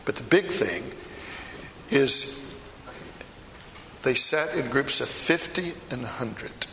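Passionate middle-aged fisherman apostle Peter, played by a man in a sermon, bright edge, long hall reverb. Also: medium pitch, expressive, takes it slowly, a little hiss or hum, heavily acted. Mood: earnest. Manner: storytelling, emphatic, confiding asides. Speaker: preacher performing a first-person monologue. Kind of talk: dramatic monologue sermon.

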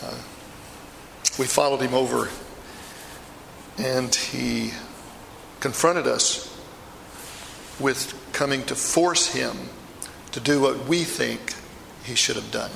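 A man's voice: mid-range voice, slow, creaky, pauses often, a bit bright, a little hiss or hum, heavily acted. A man performing a first-person sermon monologue as the apostle Peter, telling the story emphatically with confiding asides, in an echoey hall. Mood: earnest. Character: the apostle Peter, blunt passionate middle-aged fisherman. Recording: echoey hall with long reverb.

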